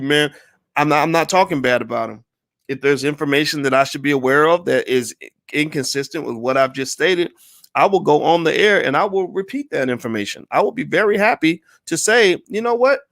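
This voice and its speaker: A man delivering an emphatic opinion monologue as a commentator, repeating his points forcefully. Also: a little high.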